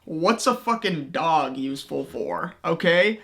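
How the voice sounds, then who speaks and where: High-voiced young man doing crude commentary. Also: lively intonation, measured pace, vocal fry, a bit bright. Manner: crude, mocking, profane, laughing at his own jokes. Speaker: commentary YouTuber. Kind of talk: comedic video commentary.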